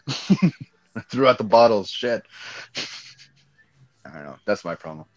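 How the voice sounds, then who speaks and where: A man's voice: on the low side, expressive, takes it slowly, a little mellow, dull audio. Young man from Texas, Mexican-American accent, loose rambling podcast chatter, casual swearing. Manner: rambling, laid-back, swears freely, says dude a lot. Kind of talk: casual chat.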